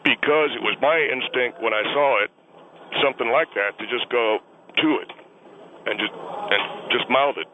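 A man's voice: mid-range voice, moderate pace, lightly acted. A man voicing a defensive, rambling middle-aged male caller who is suing his hygienist, in a comedic radio call-in bit. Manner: defensive, rambling, touchy about being laughed at. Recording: tinny phone line with faint hiss.

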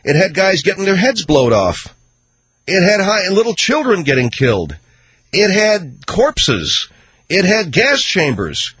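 A man with a slightly husky voice delivers opinionated talk radio commentary. His pitch swings all over the place, jumping high when he is incredulous and dropping low into sarcastic mutters. His voice sits a little higher than most men's. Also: huge pitch swings, unhurried, no room sound. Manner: ranting, sarcastic, swings between loud outbursts and low mutters.

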